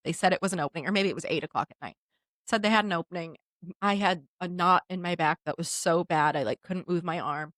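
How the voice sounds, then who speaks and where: A woman co-hosting a podcast, telling a funny story in a casual, animated way and often laughing. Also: fairly low pitch, quick pace, no room sound, studio quality. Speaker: podcast co-host.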